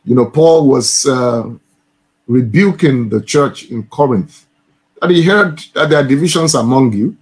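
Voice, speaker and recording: A man's voice: mid-range voice, animated, a little slow. A male church minister teaching from the Bible, stressing points by repeating phrases and now and then addressing someone as sir.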